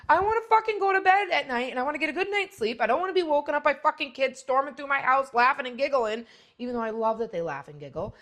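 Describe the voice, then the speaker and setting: A middle-aged woman hosting a podcast, talking bluntly in a rambling, profane monologue that jumps to loud, high exclamations. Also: sing-song, quick pace. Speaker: podcast host. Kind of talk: casual monologue.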